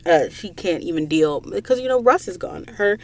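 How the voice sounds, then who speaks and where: A woman hosting a podcast and recapping a book in a casual, animated way, acting out the characters' lines while sniffling from allergies. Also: lowish voice, normal speed. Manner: animated storyteller, acts out quoted lines. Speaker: podcast host. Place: recording booth.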